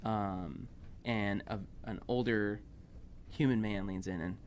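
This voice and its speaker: Low-voiced man game master. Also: fairly even intonation, takes it slowly, slight background noise. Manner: loose, rambling narration with fillers. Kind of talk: narrating a tabletop game.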